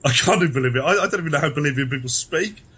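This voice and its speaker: Podcast guest, man, flustered improv banter; slightly high and lively, hissy line. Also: racing, slightly rough.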